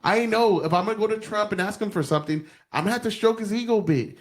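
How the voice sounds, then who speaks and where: A man's voice: high-pitched, fast, hardly any pauses. A man co-hosting a podcast, chatting casually and profanely about politics and acting out quotes with animation. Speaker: podcast co-host.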